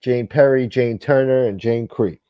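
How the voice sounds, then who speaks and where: Unhurried and mid-range, this man hosts a laid-back livestream captured in a dry, lo-fi recording. His chat is blunt and meandering, with free swearing, mimicry of others and viewer comments read aloud.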